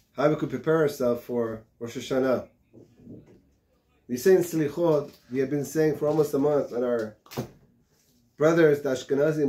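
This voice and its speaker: A man preaches as a rabbi in an impassioned sermon, his voice sitting a little higher than most men's. He tells parables with acted-out dialogue and builds up to shouted high points.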